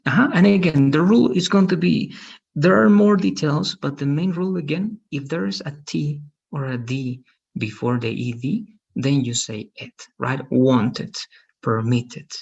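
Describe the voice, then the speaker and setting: A man's voice: medium pitch, creaky, breathy edge, muffled recording. A man teaching English pronunciation on a video call, patient and explaining, checking understanding with frequent questions. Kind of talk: online pronunciation lesson.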